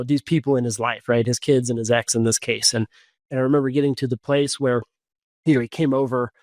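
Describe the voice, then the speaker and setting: A man, a coach and podcast guest, tells a personal story in a casual, animated way, full of fillers and restarts. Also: medium pitch, no echo.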